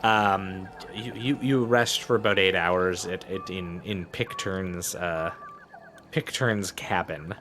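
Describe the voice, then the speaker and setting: A man's voice: low voice, fairly even intonation, slow, background noise. A man running a tabletop game as game master, chatting casually and repeating words as he rules.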